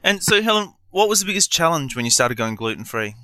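Bright-voiced male interviewer, dry sound. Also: a little high, fast, dry recording. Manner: calm, sums up and asks open questions. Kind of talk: interview questions.

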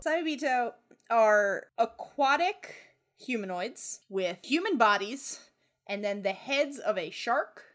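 A young woman co-hosting a podcast casually retells a legend, rambling, swearing freely and giggling. Her voice has a medium pitch and a fairly bright tone.

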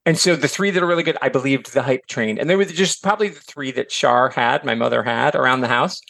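A man's voice: mid-range voice, quick pace, gravelly, fairly bright tone, no room sound. A man who is a guest on a podcast, an author and teacher, chatting casually and telling stories with lots of digressions and some casual swearing. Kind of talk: casual chat.

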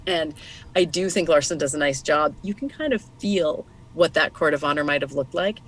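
A woman's voice: low-pitched, moderate pace. Thoughtful woman explaining books. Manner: thoughtful, explanatory, laughs easily. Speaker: podcast co-host. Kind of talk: casual book discussion.

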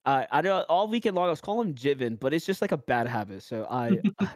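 A man's voice: a little high, fast talker, no echo. New York man on a dry mic. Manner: animated storytelling with acted-out quotes and many fillers. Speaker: commentator and podcast host. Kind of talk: casual podcast chat.

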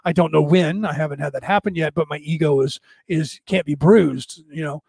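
A man hosting a casual spiritual talk for a live chat, talking close to a desk microphone, rambling and restarting, sometimes dropping to a hush. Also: on the high side, normal speed, gravelly, husky, no echo. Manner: conversational, repeats and restarts, drops to a hush for asides. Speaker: spiritual podcast host.

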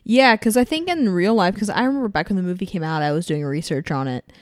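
A woman chatting casually as a podcast co-host, relaxed, with loose, halting phrasing. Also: on the low side, no room sound, studio quality. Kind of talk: casual chat.

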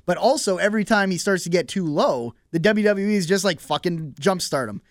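A man co-hosting a podcast, chatting casually about wrestling with quick, wry asides and some swearing. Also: high-pitched, dry recording, clean studio sound. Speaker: podcast co-host.

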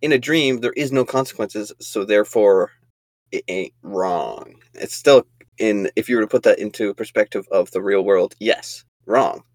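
A man's voice: on the low side, normal speed, darkish tone, no echo. A young man co-hosting a podcast in casual chat, laughing often and rambling through crude jokes. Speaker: podcast co-host.

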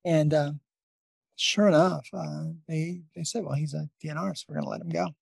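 A man's voice: fairly high pitch, steady tone, brisk, vocal fry, no echo. A man who is a nurse and podcast host, telling a long story in a casual, rambling way with many restarts.

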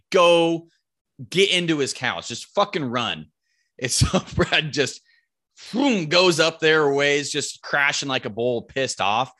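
A man casually telling a hunting story, animated and swearing freely, acting out what was said with a loud raised voice. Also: medium pitch.

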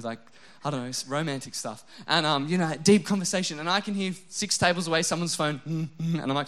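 A young adult male pastor delivers a relaxed, joking sermon. His voice sits fairly high for a man, and he is quick to poke fun at himself, peppering his talk with "like" before turning earnest. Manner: casual, self-mocking humor with frequent "like" fillers.

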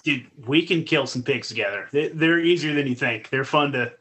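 A man, a podcast guest, telling stories in casual chat, profane and animated. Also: mid-range voice, normal speed.

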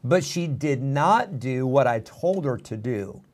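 A man's voice: medium pitch, expressive, takes it slowly. A pastor in his thirties preaching a sermon in an earnest, emphatic way, repeating key phrases.

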